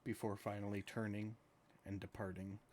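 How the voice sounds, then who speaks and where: A man's voice: on the low side, little pitch movement, normal speed, darkish tone, a little hiss or hum. A man narrating a tabletop game as game master, in a laid-back way with frequent fillers.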